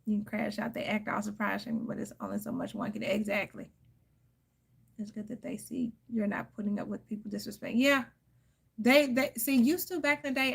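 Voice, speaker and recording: A woman's voice: medium pitch, gravelly, fairly bright tone, husky. A woman tarot reader in a casual, candid chat, speaking emphatically and calling her listeners "y'all" and "honey.".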